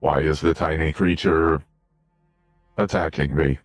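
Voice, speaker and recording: A man voicing a large creature that speaks slowly in short, puzzled sentences. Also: fairly even intonation. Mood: booming. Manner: slow, booming, puzzled. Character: huge slow-spoken creature mount.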